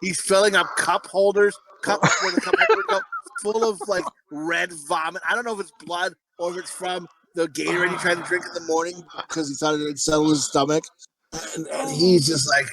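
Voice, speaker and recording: A man with a slightly high, animated voice talks a little fast over a noisy background. He's a podcast co-host telling crude stories in a casual, laughing way, acting out the voices in comedic chat.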